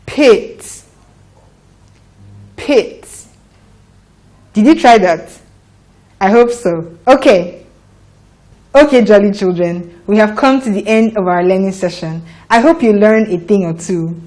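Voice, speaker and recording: A woman teaching phonics to young children, patient and encouraging, drawing out each sound slowly and clearly. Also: mid-range voice, lively intonation, darkish tone.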